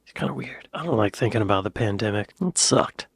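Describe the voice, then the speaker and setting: A man's voice: on the low side, animated, fairly quick, creaky, breathy edge, dry recording. An American man with an American accent, hosting a reaction video in a chatty, rambling, easygoing way. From United States. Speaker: reaction channel host. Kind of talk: casual reaction chat.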